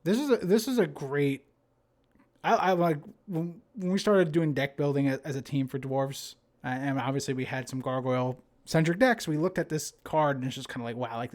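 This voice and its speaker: A man's voice: a little high, darkish tone. A young man with a New Jersey accent giving chatty, casual live-stream commentary on a card game. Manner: casual, chatty, with frequent fillers and restarts.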